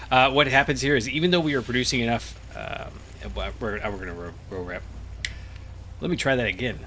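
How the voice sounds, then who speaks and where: A fairly low but bright, forceful voice comes from a gaming channel host who just woke from a nap and sounds a bit groggy. He thinks aloud casually during his Let's Play, rambling with many fillers, over a little hiss or hum.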